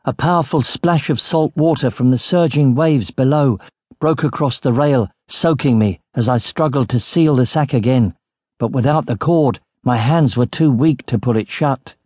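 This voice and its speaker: Brief: man, mid-pitched, steady audiobook narration, close dry mic. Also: normal speed, breathy edge, no echo. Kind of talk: scripted narration.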